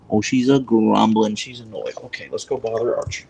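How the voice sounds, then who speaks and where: Man, live-stream host, lowish voice, casual rambling chat, boom mic. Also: a little fast, gravelly, few pauses, mellow, slightly rough, highs cut off. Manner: rambling and friendly, full of fillers. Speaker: livestream host.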